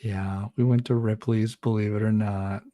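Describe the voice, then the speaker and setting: A man's voice: lowish voice, level tone, normal speed, mellow, no echo, studio quality. A man co-hosting a podcast, giving short, easygoing replies in casual chat. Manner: easygoing, brief replies and laughs. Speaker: podcast co-host.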